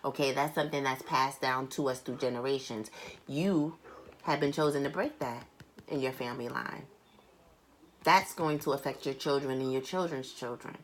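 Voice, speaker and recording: A woman giving a private tarot reading who speaks earnestly and bluntly, swearing casually, repeating phrases for emphasis and reading card text aloud slowly. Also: very deep voice, slight background noise. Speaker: tarot reader.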